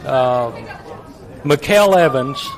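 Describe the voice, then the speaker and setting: A man in his sixties with a drawl and an ordinary mid-range voice looks back on his years as a stadium announcer. He talks in a folksy way, pausing and repeating words as he gathers his memories. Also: mid-range voice, lively intonation, gravelly, some chatter behind. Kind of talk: reminiscing guest on a talk show.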